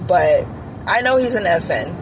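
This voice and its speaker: A woman's voice: lowish voice, big pitch swings, moderate pace, background noise. A woman telling a candid personal story in a chatty vlog style, with lots of "like" and "you feel me". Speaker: vlogger telling a relationship story.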